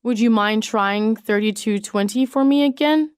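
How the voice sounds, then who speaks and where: A woman with a fairly high voice reads English practice sentences one after another, measured and evenly paced. The sound is close and dry, with no room around it. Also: clean tone, no echo. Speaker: English lesson reader. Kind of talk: reading practice sentences aloud.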